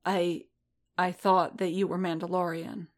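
A woman reading the lines of a heartbroken, shaken warrior man in a hushed, faltering voice. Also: fairly low pitch, flat delivery, unhurried, lightly acted.

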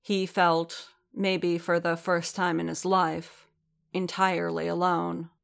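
A woman narrating an audiobook in a measured, steady reading voice. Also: on the low side, gravelly, clear, resonant tone.

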